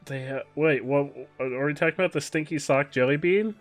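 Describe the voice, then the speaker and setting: A young man streaming a game, chatting casually, switching between muttered asides and loud excited outbursts. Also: fairly high pitch, brisk, soft background music. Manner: excitable, shifts from mumbling asides to loud exclamations. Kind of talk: casual live-stream commentary while gaming.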